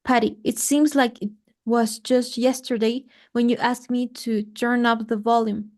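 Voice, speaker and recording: A woman's voice: on the high side, unhurried. Woman student reading aloud carefully. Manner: careful, steady reading with small slips. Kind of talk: reading a grammar text aloud.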